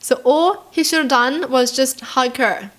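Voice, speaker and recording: Here a woman from Australia reads online stories out loud, her voice high-pitched and fairly bright, her pace measured. Her reactions are chatty and relaxed, peppered with "like," "dude," and little giggly asides.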